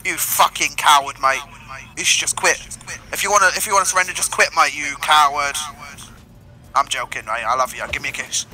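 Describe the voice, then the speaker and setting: A man's voice: on the high side, fairly quick, pushed and bright. A man in casual gaming chat, joking crudely with his teammates and calling them mate. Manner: crude teasing banter, calls everyone mate. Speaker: gamer streaming with friends.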